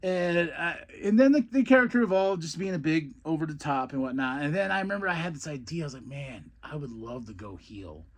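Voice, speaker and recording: A man's voice: fairly high pitch, lively intonation, fast talker, hardly any pauses. Rambling, stammering man chatting about wrestling. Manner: rambling, repeats words, laughs often. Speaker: podcast host, former wrestler. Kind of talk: casual storytelling and wrestling recap.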